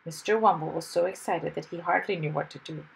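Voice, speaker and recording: A woman reading a children's story aloud in a lively, expressive way. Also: low-pitched, fairly quick, vocal fry, husky, poor audio.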